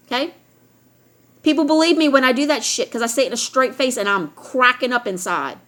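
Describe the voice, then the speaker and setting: Woman vlogger, slightly high voice, emphatic lecturing rant to camera. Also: fairly quick, fairly bright tone. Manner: emphatic, lecturing, repeats points. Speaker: vlogger addressing viewers.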